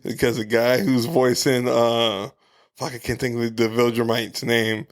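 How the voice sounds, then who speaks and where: A man's voice: medium pitch, unhurried. A man co-hosting a podcast, chatting casually and rambling with lots of fillers and restarts. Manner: relaxed, rambling with frequent fillers. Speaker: podcast co-host. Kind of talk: casual chat.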